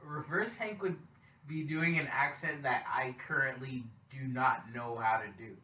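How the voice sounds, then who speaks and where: A young man from Canada co-hosting a casual podcast, loud and swearing, often breaking into laughter and cutting in. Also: mid-range voice, unhurried, recorded from a distance. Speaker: podcast co-host. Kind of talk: casual chat. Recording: roomy echo, away from the mic.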